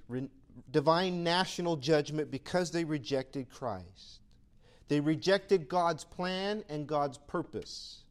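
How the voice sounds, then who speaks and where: A male pastor preaching a sermon to his church, animated and conversational, sometimes acting out imagined voices. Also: a little high.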